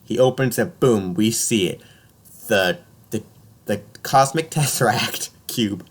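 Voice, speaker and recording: A man's voice: lowish voice, slow pace. A young man casually recapping a film on a podcast, joking and slipping into silly character voices. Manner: animated, jokey, slips into silly voices for characters.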